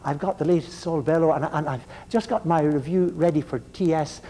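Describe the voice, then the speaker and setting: A man's voice: a little high, fairly quick, mellow. A man doing a fussy, self-important academic. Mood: eager.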